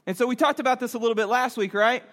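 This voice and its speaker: Youth pastor guy, high voice, chatty and animated, big echoey hall. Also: rapid-fire. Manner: animated, conversational, laughing at his own story. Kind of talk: storytelling sermon. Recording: long hall reverb.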